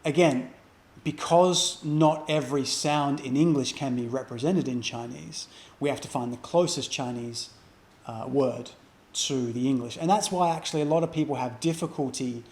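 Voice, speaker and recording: A man teaching a beginner language lesson, explaining slowly and repeating example phrases with care. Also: mid-range voice, a little mellow. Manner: slow, careful repetition of example phrases.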